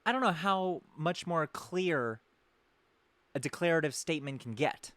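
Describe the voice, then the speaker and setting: Male podcast host, sarcastic comic storyteller, self-correcting, lively pitch, dry close sound. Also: a little slow, no echo. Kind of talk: comedic storytelling.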